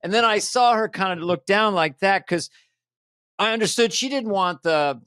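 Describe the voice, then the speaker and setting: Playful man with a higher voice. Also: normal speed, clean tone, no echo, studio quality. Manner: animated, playful anecdote teller. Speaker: podcast co-host. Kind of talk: casual comedic storytelling.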